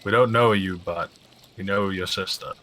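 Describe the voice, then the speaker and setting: Very deep-voiced man, earnest, reassuring, forceful edge, tabletop role-play. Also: steady tone, normal speed. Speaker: player.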